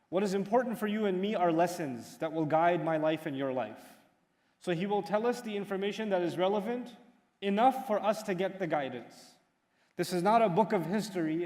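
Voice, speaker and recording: A man giving a religious lecture, telling the story with animated, acted-out dialogue. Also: high voice, in a large hall. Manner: animated storytelling, acts out a child's voice. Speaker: Islamic lecturer.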